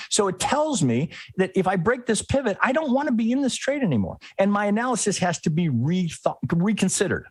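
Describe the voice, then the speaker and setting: A man's voice: fairly high pitch, husky, dry recording. A man teaching a live trading lesson, talking through charts and acting out traders' inner thoughts. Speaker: trading educator.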